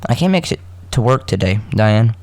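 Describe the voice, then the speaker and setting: A man voicing a calm, insistent caller on the phone, a touch higher and louder than his narration. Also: normal speed.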